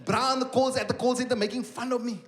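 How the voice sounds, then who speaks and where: A middle-aged man with a South African accent telling a story in a stand-up routine, slipping into quick voice impressions. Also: very high-pitched, steady tone. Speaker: stand-up comedian. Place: comedy stage before a live audience. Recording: live show with loud audience noise. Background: audience laughter.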